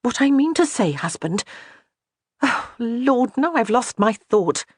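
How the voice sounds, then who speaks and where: Brief: woman reader doing a fed-up young lady of the clan, scolding and sharp, lively swings in pitch, dry close sound. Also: slow pace, slightly rough, dry recording, full character voice. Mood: exasperated. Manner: sharp, raised, scolding delivery. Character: exasperated young noblewoman, strong-willed lady of a clan. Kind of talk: audiobook character voice.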